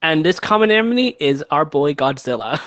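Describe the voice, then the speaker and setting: A man's voice: a little high, lively intonation, normal speed, a bit bright, highs cut off. A man co-hosting a podcast, chatting casually and agreeing often. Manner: chatty, agreeable, frequent yeahs. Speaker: podcast co-host. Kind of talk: casual chat.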